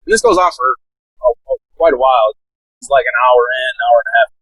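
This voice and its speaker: A man's voice: medium pitch, quick pace, fairly bright tone, breathy edge, dry recording, rough recording. A man telling a story in a casual, laid-back way, full of "like" fillers and laughing now and then. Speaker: podcast guest, SWAT officer.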